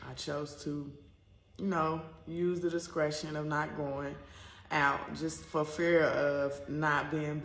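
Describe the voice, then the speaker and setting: A woman vlogger from the United States talks straight to camera, wandering through her story with lots of fillers and false starts. Her voice has a gravelly edge. The room around her is echoey. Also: sits low. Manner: rambling and candid, with many fillers and restarts.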